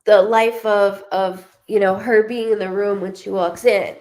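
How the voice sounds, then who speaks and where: A psychic medium gives a live reading at an unhurried pace and medium pitch. She's chatty and animated, often restarting sentences as she passes along messages.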